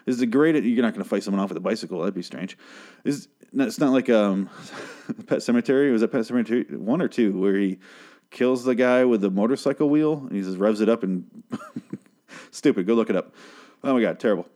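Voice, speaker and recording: Rambling profane man, low voice. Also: brisk, warm tone. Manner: profane, self-interrupting, laughs often. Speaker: show recap commentator. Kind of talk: casual rambling recap.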